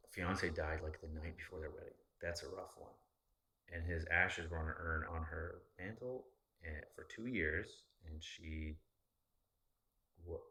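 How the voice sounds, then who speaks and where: Deep-voiced, profane man rambling casually. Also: pushed and bright. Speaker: podcast host. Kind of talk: casual chat.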